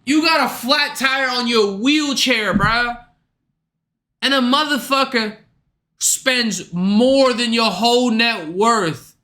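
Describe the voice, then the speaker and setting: A man's voice: extremely high pitch, pushed and bright. A man streaming live and ranting to his chat in a casual, profane and exasperated way.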